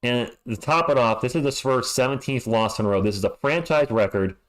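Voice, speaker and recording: A man's voice: mid-range voice, fairly quick, fairly bright tone. A man hosting a fan livestream, calling play-by-play and ranting in frustration, often stammering when upset.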